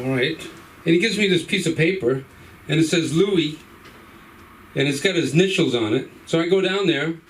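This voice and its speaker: A man's voice: on the high side, recorded from a distance, low-quality recording. A man in his fifties from the Cape Verde Islands telling a rambling stand-up story at an open mic, acting out the voices of the people in it. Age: 50s. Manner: rambling, animated, acts out voices. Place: comedy club stage.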